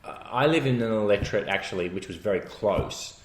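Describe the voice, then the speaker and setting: Australian man, low-pitched comic co-host, echoey room. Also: fairly quick. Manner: rambling storyteller, laughs often. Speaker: podcast co-host. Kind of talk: casual comedic chat.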